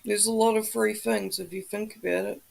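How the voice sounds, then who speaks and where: A woman's voice: mid-range voice, steady tone, a little fast, vocal fry, poor audio. A woman hosting a casual livestream, chatting with viewers and reading the chat, swearing freely as she talks. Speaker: livestream host.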